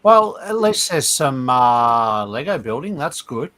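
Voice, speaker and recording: An easygoing man co-hosts a casual livestream. He talks plainly and at a middle pitch. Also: sing-song, takes it slowly, a bit bright. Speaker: co-host.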